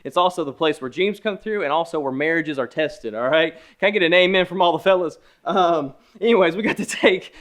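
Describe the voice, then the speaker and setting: A man in his thirties preaching a conversational sermon, with joking asides, who swings between hushed and emphatic. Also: a little high. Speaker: pastor. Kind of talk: online sermon.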